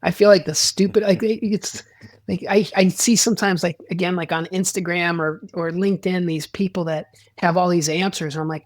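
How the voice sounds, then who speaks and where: A man's voice: high-pitched, fairly even intonation, a little fast, no room sound, studio quality. A man, a sports psychologist, talking as a guest in a casual interview, rambling with restarts and acting out quoted dialogue.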